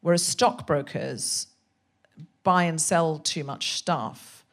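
Woman, podcast guest, lowish voice, casual comic storyteller who acts out voices. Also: takes it slowly. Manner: animated, swearing, acts out voices in her anecdotes.

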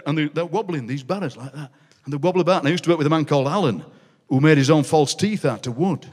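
Man, Yorkshire accent, middle-aged, animated storyteller, slightly raised voice, big hall echo. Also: on the high side, fast. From Yorkshire, England. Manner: animated, rambling anecdotes, laughing. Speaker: guest poet. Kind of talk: live comic storytelling chat. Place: city hall stage before audience. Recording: long hall reverb.

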